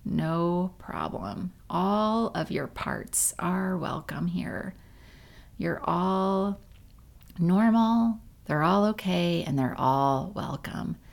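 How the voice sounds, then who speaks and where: A woman with a low, gravelly voice leads a guided meditation. She talks slowly and gently, unhurried, dropping in casual fillers now and then. Her tone stays calm and easygoing.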